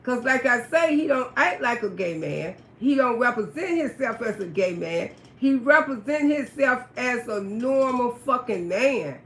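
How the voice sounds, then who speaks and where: A woman telling a personal story on a casual livestream, animated and profane, chatting with viewers by name. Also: a little high, a little slow, few pauses, reverberant.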